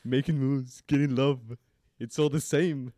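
Un hombre que imita un acento irlandés exagerado y recita letras de canción en tono cantarín y ruidoso. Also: male voice, medium pitch, steady tone, measured pace, no room sound, studio quality, pitched above the performer's own voice, close to an everyday voice. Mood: hammy. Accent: put-on Irish. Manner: loud, sing-song, hammy. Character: man hamming up a mock Irish accent while reciting song lyrics. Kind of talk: comic impression on a podcast.

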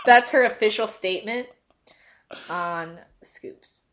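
A woman's voice: medium pitch, normal speed, slight background noise. A woman co-hosting a podcast in casual chat, talkative and giggly, with lots of fillers. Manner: chatty and giggly, with many fillers. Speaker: podcast co-host.

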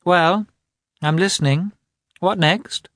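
A man's voice: mid-range voice, very animated, moderate pace, no echo, studio quality, voice pushed up. A man voicing a defiant aristocratic young woman with a mocking, lightly surprised manner.

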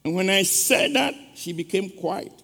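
A man's voice: high voice, lively intonation, normal speed, creaky, sharp tone. A man preaching a sermon in a church, telling an emotional story and calling out questions to the congregation. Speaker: guest preacher. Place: church sanctuary. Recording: long church reverb.

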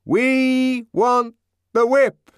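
A man's voice: extremely high pitch, fairly even intonation, drawn-out words, smooth, no room sound, studio quality, pitched above the performer's own voice, exaggerated voice. A man voicing a jeering crowd of sightseers, chanting mockingly in a heavy rhythm.

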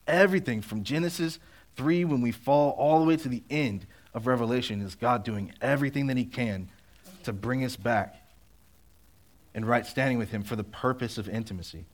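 A man, a youth pastor, preaching a casual sermon full of "like" and "um", slowing down to stress his points. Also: medium pitch. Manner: chatty, fillers of "like" and "um", slows to stress points.

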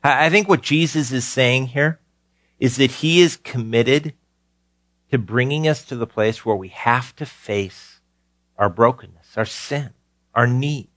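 A man preaching a sermon, earnest, repeating key phrases for emphasis and swinging from rising urgency to quiet low tones. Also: measured pace, no room sound, clean studio sound. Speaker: pastor.

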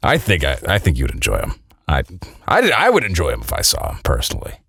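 A man's voice: rumbling low, wildly swooping pitch, quick pace, vocal fry, sharp tone, breathy edge, dry recording. A man hosting his channel, rambling and swearing through a jokey self-promotion. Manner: out of breath at the end. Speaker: channel host. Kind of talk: casual self-promotion rant.

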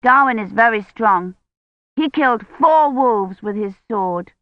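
Woman doing a small stubborn medieval girl, high and earnest, slow, dry dull audiobook sound. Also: expressive, no echo. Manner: high, earnest old-fashioned speech.

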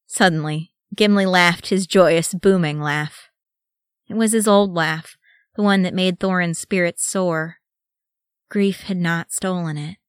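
A woman reading fan fiction aloud as an audiobook, with a steady read that voices each character. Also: lowish voice, clean tone, no room sound, clean studio sound. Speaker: audiobook reader.

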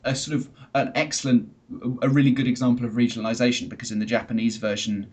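A man co-hosting a podcast, chatting in a relaxed, unscripted way. He hesitates often, fills gaps with fillers and restarts his sentences as he goes. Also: mid-range voice, quick pace. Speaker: podcast co-host. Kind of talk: casual chat.

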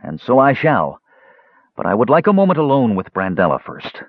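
A man's voice: medium pitch, wildly swooping pitch, normal speed, husky, no room sound, phone-quality sound, pitched above the performer's own voice, full character voice. A man voicing an earnest, defiant male mage who speaks in an impassioned, pleading way.

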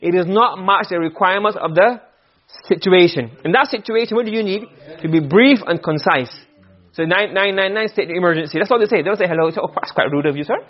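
A man's voice: high voice, fairly quick. A man teaching a lesson on rhetoric, explaining step by step, often repeating words and mixing in Arabic terms. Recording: dull lo-fi recording.

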